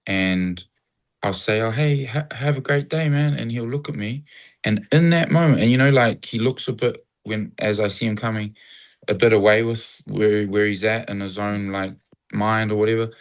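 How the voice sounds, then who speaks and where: With a lowish voice, a steady tone and normal speed, a New Zealand man chats as a guest in casual conversation. He rambles reflectively in a New Zealand accent and mimics cheerful greetings.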